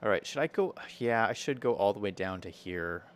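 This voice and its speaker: A man's voice: on the low side, lively intonation, fairly quick, slight background noise. A man streaming a building game, chatting casually with viewers and thinking aloud as he builds, with an American accent and frequent laughs.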